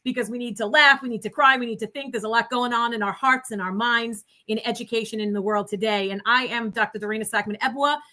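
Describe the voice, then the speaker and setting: A woman's voice: fairly high pitch, steady tone, fast talker, hardly any pauses, sharp tone. A woman in her fifties with a New York accent, a guest on a video-call livestream, talking in an exuberant, jokey way. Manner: exuberant, jokey, talks in rhyming asides. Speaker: guest speaker. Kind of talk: animated livestream chat.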